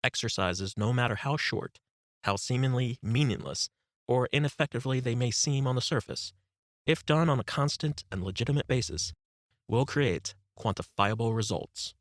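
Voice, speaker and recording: A man reading his own guided meditation book in a calm, instructive, unhurried voice. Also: mid-range voice, no room sound, studio quality. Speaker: author narrating his book. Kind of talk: guided meditation audiobook narration.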